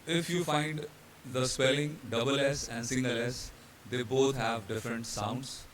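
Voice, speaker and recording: In a slide-based pronunciation lesson, a hotel training instructor from India moves step by step, spelling out letters and pausing on fillers. His mid-pitched voice stays steady over a faint background hiss.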